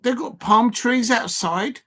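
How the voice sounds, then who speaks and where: A middle-aged man, chatting excitedly over a live football match on his stream and reading out comments from the chat. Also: very high-pitched, slow pace. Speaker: football watch-along streamer. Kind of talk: live watch-along commentary.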